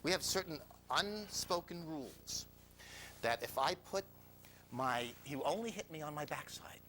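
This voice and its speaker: Older male storyteller, bright, lively pitch, self-mocking, faint rumble behind. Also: measured pace. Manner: animated, self-mocking, drops to whispers for quoted lines. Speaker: storyteller speaking to an audience. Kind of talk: personal storytelling talk.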